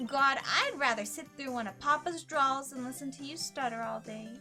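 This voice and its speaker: A woman voicing a brash, touchy country photographer in a slow, exaggerated southern drawl while playing a story game. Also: high voice, sharp tone, soft background music, voice pushed up. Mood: scolding.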